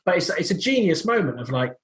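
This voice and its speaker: Male co-host, slightly high voice, animated casual chat. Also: fast talker. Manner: lively, quotes film lines. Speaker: podcast co-host.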